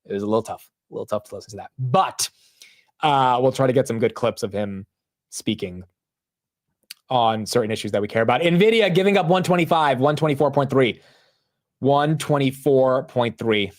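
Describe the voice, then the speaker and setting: A man's voice: medium pitch, normal speed. A man from the United States hosting a live stream of market commentary, chatty and slangy, often laughing and calling viewers bro and dude. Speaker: livestream host.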